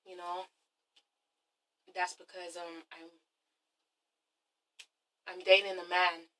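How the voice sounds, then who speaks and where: A woman voicing a nervous adult man who speaks low and halting, recorded a little distant from the mic. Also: pushed and bright. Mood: hesitant. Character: adult man, hesitant and nervous, confessing quietly.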